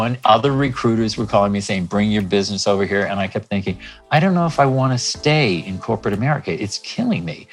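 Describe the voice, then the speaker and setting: Man, 60s, life coach guest; lively raconteur who performs the dialogue, soft music bed. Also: fairly low pitch, fast talker. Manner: animated, acts out dialogue in shifting voices. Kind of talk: storytelling interview talk.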